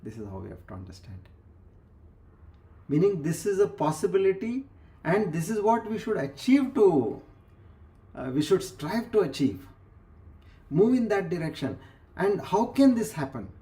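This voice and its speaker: A man's voice: high voice, sing-song, normal speed, pauses often, mellow. A man giving a spiritual discourse as a teacher, explaining with everyday examples and repeated phrases, sometimes dropping to a near whisper.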